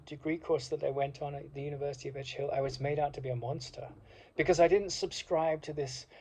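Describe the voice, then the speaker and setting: A man's voice: on the high side, warm tone. A man delivering an impassioned, rambling monologue with many fillers and restarts. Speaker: speaker. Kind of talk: reflective monologue. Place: university degree course alumnus, speaking informally.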